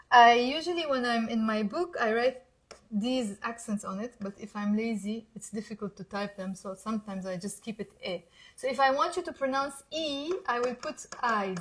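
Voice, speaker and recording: A woman from Mount Lebanon with a Lebanese accent, teaching a casual Arabic lesson and coaxing learners to repeat words aloud. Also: a little high.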